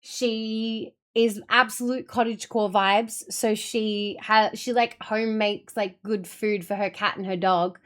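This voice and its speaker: A woman's voice: medium pitch, steady tone, slow, hardly any pauses, fairly bright tone. A young adult woman streamer chatting casually with her viewers, telling a long, emotional story in a rambling way.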